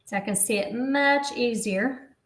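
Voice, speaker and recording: A woman in her fifties walks through a papercraft project in a relaxed, chatty way, explaining each step as she goes. Her voice sits a little high. The sound carries a room echo and a faint background hiss. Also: unhurried. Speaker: papercraft instructor. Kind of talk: casual craft demonstration.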